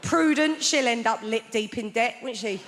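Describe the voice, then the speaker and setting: A woman in her thirties from England works a stand-up crowd with animated, playful storytelling. Her voice sits fairly high and carries into a big reverberant theatre, with audience noise clearly underneath. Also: moderate pace. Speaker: stand-up comedian. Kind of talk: stand-up comedy routine. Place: large theatre stage. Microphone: stage microphone.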